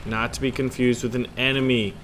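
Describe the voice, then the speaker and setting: Man, gameplay commentator, bright forceful voice, chatty, jokey, swears a lot, faint noise underneath. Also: mid-range voice, flat delivery, brisk. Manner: chatty, joking, swears freely.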